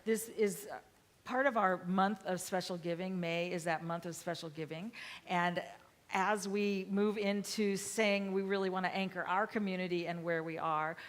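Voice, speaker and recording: A woman minister giving a sermon, speaking in a soft and reflective way and at times dropping nearly to a whisper. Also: medium pitch, steady tone, normal speed.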